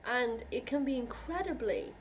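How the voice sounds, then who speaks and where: A woman vlogger talking to camera in an earnest, reassuring way, halting and restarting often as she speaks from the heart. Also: on the high side, lively intonation, a little hiss or hum. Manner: heartfelt, openly emotional. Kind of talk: personal talk to camera.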